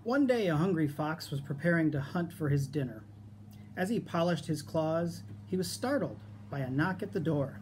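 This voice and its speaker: A man reading a children's picture book aloud as a teacher, in a lively, expressive storytelling manner. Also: fairly high pitch, moderate pace, a little hiss or hum.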